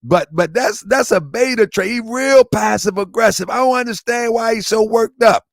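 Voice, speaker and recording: A man hosts an online show in casual livestream style, rambling and repeating himself with plenty of slang. His voice is high-pitched with vocal fry, delivered at a moderate pace. The recording is studio quality with no echo.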